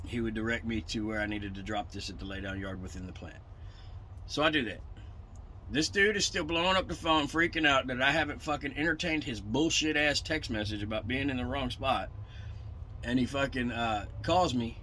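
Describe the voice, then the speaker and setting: Truck driver vlogger, blunt and profane, tense bright delivery. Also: male voice, medium pitch, slight background noise, rough recording. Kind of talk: casual storytelling rant.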